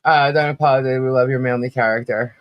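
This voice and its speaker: A woman co-hosting a casual livestream chat, rambling and laughing often, with a slight cough and a rough throat. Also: extremely low pitch, steady tone, quick pace, lo-fi sound, a little hiss or hum. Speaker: livestream co-host.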